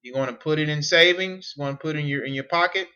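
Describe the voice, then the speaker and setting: A man's voice: a little high, fast, pushed and bright, smooth, dull audio. A man coaching on online business at a whiteboard, repeating key points and asking rhetorical questions. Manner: repetitive, emphatic, asks rhetorical questions. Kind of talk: whiteboard teaching monologue.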